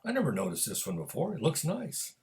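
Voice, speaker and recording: A man's voice: fairly high pitch, wildly swooping pitch, fairly quick, a little mellow, voice pushed up. A man reading a story aloud, voicing an earnest, polite male hotel detective.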